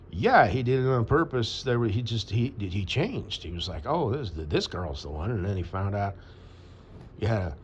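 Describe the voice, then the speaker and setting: A man's voice: lowish voice, a little hiss or hum. An American man rambling crudely to his audience in a monologue, full of fillers and asides. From United States. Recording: dull lo-fi sound with faint background ambience.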